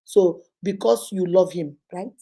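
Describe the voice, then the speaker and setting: A woman's voice: on the low side, measured pace, dark tone. A Nigerian woman, a relationship counselor and host, telling a story and probing by repeating a person's words back in long lists. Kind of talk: storytelling advice talk.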